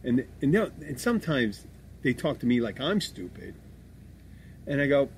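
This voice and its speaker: A middle-aged bartender hosts a casual podcast about bar work, rambling and swearing with lots of restarts. His medium-pitched voice is sing-song at a normal speed, and he pauses often. Faint background noise sits under the recording.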